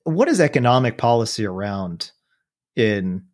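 A man co-hosting a casual podcast, talking in an animated way about politics and acting out other people's voices. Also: medium pitch, normal speed. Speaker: podcast co-host.

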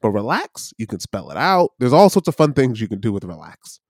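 Podcast co-host, man, mid-pitched voice with lively ups and downs, playful, laughs often, dry sound. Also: brisk, dry recording. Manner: playful, laughing, mimics people. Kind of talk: casual podcast chat.

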